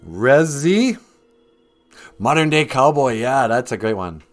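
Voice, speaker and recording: A man's voice: medium pitch, animated, normal speed. A man hosting a rambling comedic livestream, joking with his chat and laughing at his own jokes. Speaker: livestream host.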